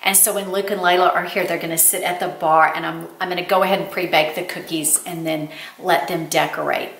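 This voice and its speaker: This older lifestyle vlogger has a fairly low, steady voice with a slightly bright edge, and she talks briskly. She spins chatty, casual stories for her audience, addressing them as "y'all," in a room that echoes noticeably.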